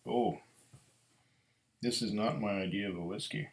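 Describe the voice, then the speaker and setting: A middle-aged man reviewing whiskey in a slow, musing, storytelling way. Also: on the low side. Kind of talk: casual tasting review. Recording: echoey room.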